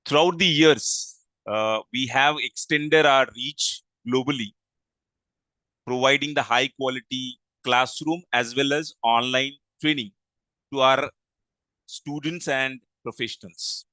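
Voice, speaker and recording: Bright-voiced man hosting an online class. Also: medium pitch, fairly even intonation, dry recording, poor audio. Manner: polite, halting, thanks many attendees. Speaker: webinar host and training manager. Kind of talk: live online class introduction. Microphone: video call microphone.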